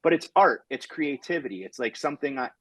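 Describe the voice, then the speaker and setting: A man's voice: mid-range voice, lively intonation, fast, slightly rough, no echo, poor audio. A man hosting a comedy podcast, telling stories in a rambling way with plenty of restarts. He acts out the back-and-forth of his anecdotes. The sound is close and dry, with no room around it. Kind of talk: casual chat.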